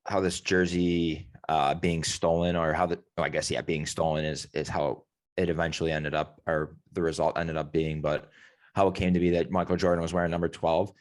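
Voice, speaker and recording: A man hosting a casual sports podcast, rambling loosely, swearing and correcting himself as he goes. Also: low-pitched. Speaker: podcast host.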